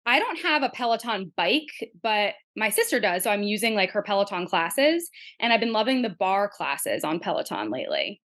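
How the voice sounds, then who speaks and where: A woman with a New Jersey accent chats as a podcast guest, friendly and casual. She speaks at a middle pitch with a relaxed, easy rhythm. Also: moderate pace, few pauses. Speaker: nurse practitioner guest. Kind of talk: podcast interview.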